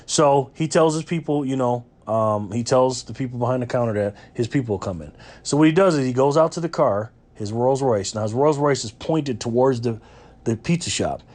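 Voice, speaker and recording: A man's voice: medium pitch, moderate pace, darkish tone. A man from New York, vlogging as he tells a chatty story with lots of fillers and restarts. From Rochester, New York. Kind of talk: casual storytelling.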